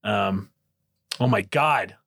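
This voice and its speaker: A man hosting a podcast, chatting casually with loud, profane, rambling asides. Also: fairly low pitch, slow, creaky. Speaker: podcast host.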